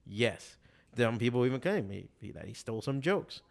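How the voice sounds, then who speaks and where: A man in his forties talks in a loose, rambling way, swearing often and piling up fillers. His pitch sits in the middle range for a man. He tells stories in a casual chat. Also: sing-song, moderate pace, gravelly. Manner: profane, rambling storytelling with many fillers. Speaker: stand-up comedian and podcast guest.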